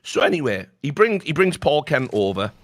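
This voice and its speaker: Very animated and fairly high in pitch, a middle-aged man hosting a talk show rattles off a blunt story laced with heavy swearing. The podcast host's fast, profane anecdote is captured dry.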